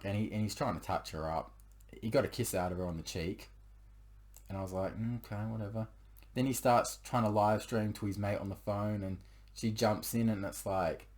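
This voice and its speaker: A young man with a lowish voice tells a personal story in casual confessional style. He rambles, with frequent fillers and restarts. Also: a little mellow.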